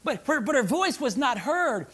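A male pastor preaching a sermon in a church, reading scripture aloud and repeating phrases, swinging between loud urgent emphasis and low, soft asides. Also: sing-song, moderate pace. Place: church sanctuary.

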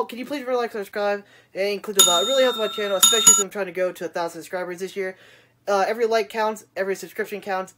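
A woman's voice: mid-range voice, a bit bright. A woman talking in a casual, rambling way as she films a daily vlog at home, with plenty of "like" and loose asides. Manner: chatty and rambling, full of "like". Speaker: daily vlogger. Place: home indoors, rainy day.

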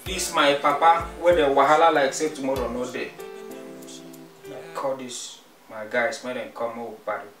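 A man's voice: medium pitch, fairly even intonation, moderate pace, a bit bright, lightly acted. A man playing a cheeky Nigerian son. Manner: cheeky, defiant back-talk. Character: defiant young adult son, party-loving and cheeky. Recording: echoey room, mic far off, faint music.

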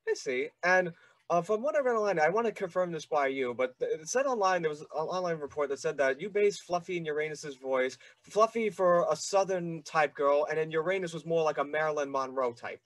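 A young man hosting a casual interview, asking long, rambling questions with stammering restarts and a steady stream of fillers. His voice is a little higher than most men's and sounds dry and close to the mic. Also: a little fast, dry recording. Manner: rambling, full of "like" and "you know", stammering restarts. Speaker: podcast host.

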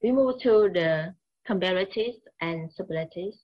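A woman with a Vietnamese accent teaching English grammar slowly and repeating key words. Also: lowish voice, muffled recording. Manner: slow, repetitive, mixes languages. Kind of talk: classroom grammar lesson.

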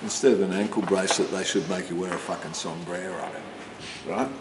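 Aussie guy ranting by the roadside, swears a lot, loud traffic roaring behind him. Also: deep voice, fairly even intonation, brisk. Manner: profane, rambling, sardonic. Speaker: subject of an experimental short film. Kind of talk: rambling off-the-cuff monologue.

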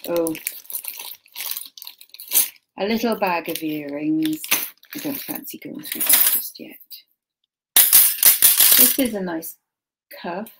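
A young woman casually chatting to a live stream while sorting jewellery, muttering soft asides to herself. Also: lowish voice, expressive, takes it slowly, pauses often, very noisy.

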